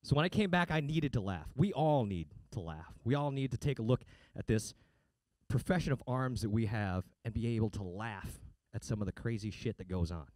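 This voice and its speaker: A man's voice: mid-range voice, animated, a little fast, darkish tone, no echo. A man doing a stand-up comedy set, with a sarcastic, punchy delivery and mock voices. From United States.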